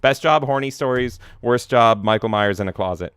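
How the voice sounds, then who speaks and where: Guy hosting a stream chat, swears a ton, smooth clear voice, dry sound. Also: medium pitch, normal speed, no room sound. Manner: animated, swears a lot, acts out voices. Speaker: host. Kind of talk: casual chat, storytelling.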